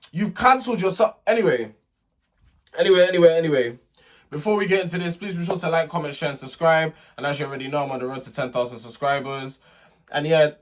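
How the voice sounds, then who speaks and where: High-pitched young man, sassy indignant vlog rant, repeats himself, casual reality TV recap. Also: fairly bright tone.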